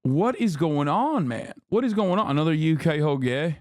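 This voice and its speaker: A man's voice: on the high side, sing-song, moderate pace, darkish tone, no echo, studio quality. A man streaming, reacting to news clips in casual, blunt, slangy commentary. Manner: blunt, profane, slangy, lectures chat.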